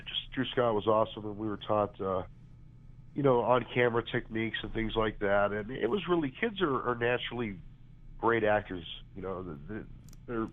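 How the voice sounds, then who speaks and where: Congested middle-aged man on a tinny phone line. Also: fairly low pitch. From California. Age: 40s. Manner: chatty, rambling with many restarts. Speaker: guest. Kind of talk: phone interview.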